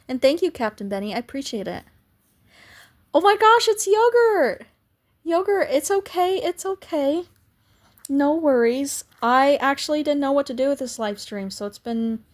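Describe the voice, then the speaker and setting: A young adult woman with a high voice hosts a casual livestream, chatting and thanking viewers by name. Now and then her voice cracks.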